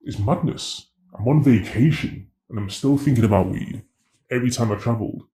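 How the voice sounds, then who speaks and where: A man, telling his story in an interview in a slangy, animated way and acting out dialogue. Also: medium pitch, brisk, echoey room. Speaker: interviewee, former drug dealer.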